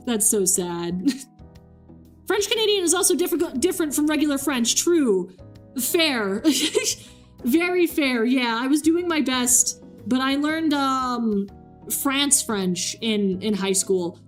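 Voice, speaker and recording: A high-pitched young woman chats loosely with her stream audience, reading messages aloud and slipping into quoted voices as she tells a story. She laughs often between lines. Faint music plays in the background. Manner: chatty, reads chat aloud, laughs often, acts out quotes. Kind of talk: casual chat.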